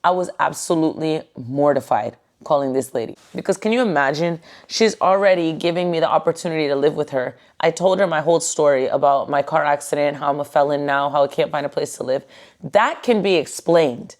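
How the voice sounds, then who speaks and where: A woman's voice: low-pitched, brisk. A woman hosting her own podcast, telling a personal story in a goofy, joking, candid way with some casual swearing, recorded at home on her couch. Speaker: podcast host.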